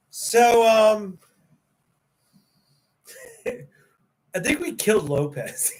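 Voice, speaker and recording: A man's voice: high-pitched, big pitch swings, very slow, long pauses, a little mellow, a little hiss or hum. A man hosting a casual livestream, joking with viewers, laughing often and swearing, tired and yawning. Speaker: livestream host.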